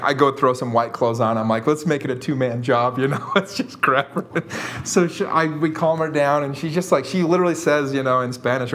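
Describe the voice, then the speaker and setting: A man telling a funny story as a podcast guest, animated and laughing often. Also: mid-range voice. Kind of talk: casual storytelling.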